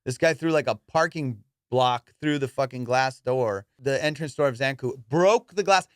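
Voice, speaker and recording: A man hosting a casual comedy podcast, telling profane, animated stories and laughing often. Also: mid-range voice, normal speed, smooth, no echo, clean studio sound. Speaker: podcast host.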